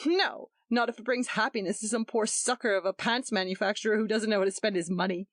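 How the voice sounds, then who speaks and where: A woman's voice: mid-range voice, fast talker, no room sound, natural voice. A woman reading aloud voicing a smug, jovial man who needles his host with irony and turns indignant when insulted. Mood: mocking.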